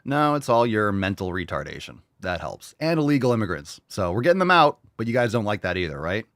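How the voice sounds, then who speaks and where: Male host, sarcastic reaction commentary, crude asides, very animated pitch, dry sound. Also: a little fast, no echo.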